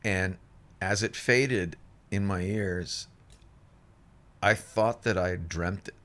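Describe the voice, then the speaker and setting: A man with a low voice tells stories from the studio in a loose, rambling way. He circles back, restarts and fills pauses. Now and then he slips into the voices of other people. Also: a bit bright. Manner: rambling, with many restarts and fillers; acts out other people's lines in shifted voices. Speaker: musician guest. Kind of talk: casual storytelling.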